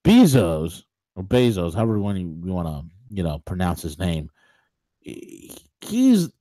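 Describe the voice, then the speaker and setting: A man's voice: deep voice, huge pitch swings, normal speed, mellow, dry recording, rough recording. A man co-hosting a political talk show, ranting emphatically with rhetorical questions and frequent restarts. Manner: many restarts and fillers. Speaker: show co-host.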